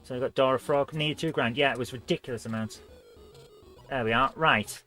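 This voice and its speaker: A man's voice: mid-range voice, a little fast, bright, forceful tone, soft background music. A man hosting a live retro gaming stream, chatting in a rambling, self-mocking way as he plays.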